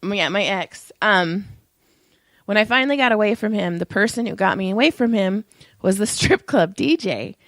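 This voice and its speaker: A woman's voice: mid-range voice, expressive, normal speed, a bit bright, dry recording, studio quality. A young adult woman telling stories in casual chat, laughing often, her vocal cords strained. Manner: chatty storyteller, laughs often. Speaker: podcast co-host.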